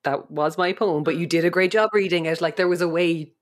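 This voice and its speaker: A woman's voice: on the low side, steady tone, a little fast. A woman co-hosting a podcast in casual chat, laughing often and acting out characters' lines. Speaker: podcast co-host.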